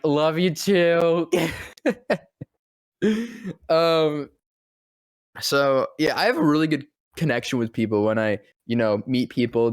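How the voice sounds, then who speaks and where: A male voice actor spins a loose, rambling anecdote full of swearing. He slips into the lines people said to him as he goes, and his voice sits at an ordinary middle pitch. The sound is dry and close. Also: clean tone, no echo. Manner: rambling, profane, acts out quoted lines. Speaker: voice actor guest. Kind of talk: casual storytelling.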